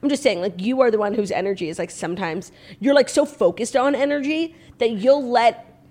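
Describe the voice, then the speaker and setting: A woman's voice: fairly high pitch, fairly quick, darkish tone. Chatty woman podcast host. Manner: chatty, rambling, lots of "like". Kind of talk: casual chat.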